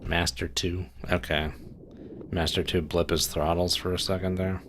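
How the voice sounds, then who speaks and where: A man with an extremely deep, low voice talks loosely on a live game stream. He rambles, restarts sentences and leans on fillers. A faint hum sits under his desk-mic sound. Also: flat delivery, normal speed. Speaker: streamer playing a submarine sim. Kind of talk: casual live-stream chat.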